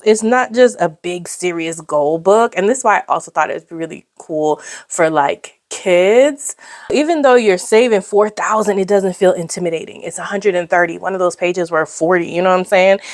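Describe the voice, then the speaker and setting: A woman's voice: medium pitch, moderate pace. A woman in a casual vlog, chatty and gushing, reviewing a savings book and calling her viewers y'all and babes. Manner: gushing, excitable, squeals over cute pictures. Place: indoors at home.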